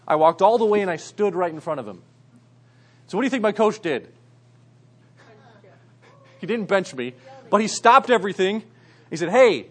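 Husky-voiced young man preaching casually. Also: high voice. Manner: conversational, uses stories and fillers like "like" and "right". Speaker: youth pastor. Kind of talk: casual sermon to young people.

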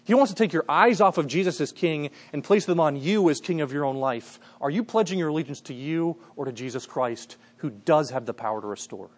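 A man in his thirties preaching a sermon, earnest and conversational, often addressing the congregation as "guys" and dropping to soft, hushed tones when telling a story. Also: a little high, animated, fairly quick, hardly any pauses. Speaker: pastor.

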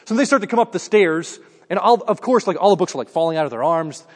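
A man's voice: sits high, lively intonation, fast talker, hardly any pauses, big-room sound. A man preaching a sermon in a conversational way, calling his listeners "guys" and often saying "like". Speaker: pastor.

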